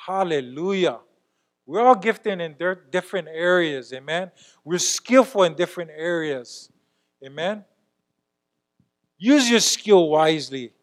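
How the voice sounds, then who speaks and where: A middle-aged man preaches a sermon as a church elder. His voice sits high for a man, and he delivers emphatic, exclamation-filled lines that drop suddenly into quiet asides. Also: a little slow, long pauses. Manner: lively, emphatic, swings between loud exclamations and quiet asides.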